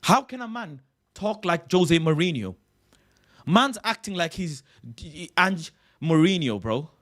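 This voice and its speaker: Excitable young man, lively voice. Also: a little high, measured pace. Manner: excitable, repeats himself, ends phrases with "bro". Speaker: livestream host. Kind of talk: casual livestream chat.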